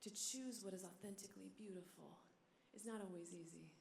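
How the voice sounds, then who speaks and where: Animated woman preaching in an echoey hall. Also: mid-range voice, brisk, vocal fry, slight background noise. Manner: animated storytelling, drops to a near whisper in tender moments. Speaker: religious sister and conference speaker. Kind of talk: sermon. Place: large hall.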